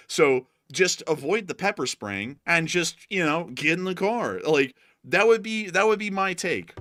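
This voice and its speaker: Bright, jokey man commentating on clips. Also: medium pitch, no room sound, studio quality. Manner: jokey, rambling, slips into silly voices. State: recovering from a cough. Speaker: host of a war news show. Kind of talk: casual commentary over clips.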